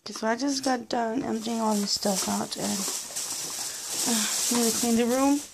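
A woman's voice: on the high side, fairly even intonation, moderate pace, vocal fry, very noisy. A young woman chatting casually in a rambling daily vlog, at times frustrated. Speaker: vlogger.

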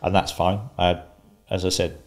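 A man in his fifties, a guest in an interview, calmly telling stories and laughing often. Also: low-pitched, normal speed. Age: 50s. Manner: calm, laughs often while telling anecdotes. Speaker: guest, former footballer and pundit. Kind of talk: casual interview storytelling.

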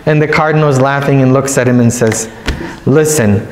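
A priest giving a retreat sermon, telling stories and repeating phrases for emphasis. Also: male voice, medium pitch, fairly even intonation, quick pace. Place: large church. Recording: echoey church hall.

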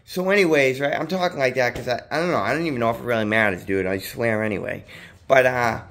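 Talking quickly in a mid-range voice, a man vlogs a personal story in casual, rambling fashion, full of profanity and filler like "dude" and "you know what I mean." He's excitable, and his voice jumps up when he gets worked up.

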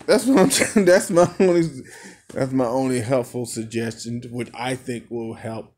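A man's voice: medium pitch, normal speed. Laughing, profane man ranting casually. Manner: animated, laughing, profane storytelling. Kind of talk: casual rant.

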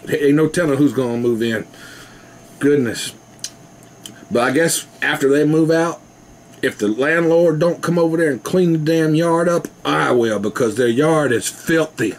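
A man's voice: fairly high pitch, normal speed. A man rambling casually to his camera at home, laughing often. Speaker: vlogger. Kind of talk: casual rambling video chat.

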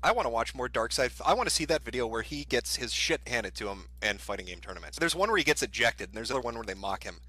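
Guy doing a mocking profane rant, bright lively voice, dry close sound. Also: mid-range voice, quick pace, few pauses, slightly rough, no room sound. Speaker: commentary streamer. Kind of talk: ranting commentary.

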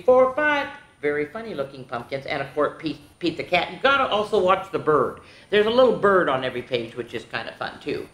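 Female storytime reader, lower-pitched, very expressive intonation, playful with kids, roomy echo. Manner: playful, animated, talks to kids directly. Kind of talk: reading picture books aloud to children. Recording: echoey room.

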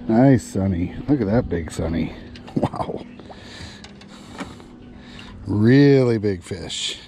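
Brief: laid-back fishing host on a boat, slow and mellow, chatty with his catch, faint outdoor noise behind. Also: fairly low pitch. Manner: chatty, talks to the fish and viewers. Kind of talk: casual fishing vlog narration.

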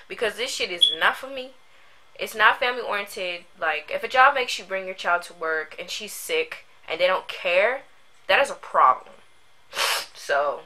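A woman's voice: mid-range voice, pushed and bright, rough recording. A young woman talking casually to her vlog audience, goofy and overdramatic, with lots of slang. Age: young adult. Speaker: vlogger. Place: at home while packing. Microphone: built-in camera mic.

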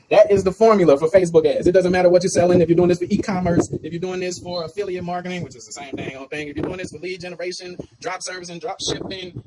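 A hyped man talks to camera about business tricks in a slangy, joking way. His voice sits a little high. Loud background noise runs under everything he says. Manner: hyped, slangy, laughs often. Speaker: online business coach. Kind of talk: casual coaching talk to camera.

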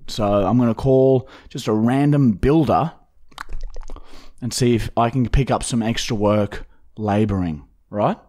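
A man's voice: medium pitch, unhurried, warm tone. An Australian man co-hosting a crude comedy podcast, rowdy, swearing and joking in a studio under lights. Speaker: podcast co-host.

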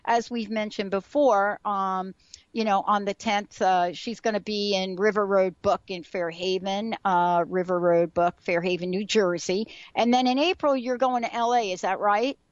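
A woman's voice: medium pitch, fairly even intonation, normal speed, dry recording, lo-fi sound. A woman hosting a radio talk show, chatty and effusive as she introduces her guest. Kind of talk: radio interview.

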